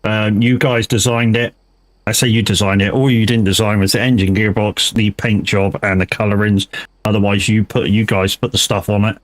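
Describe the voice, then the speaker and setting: A man's voice: fairly low pitch, level tone, moderate pace. A man, chatting casually and swearing freely with his viewers while driving in a game stream, laughing often.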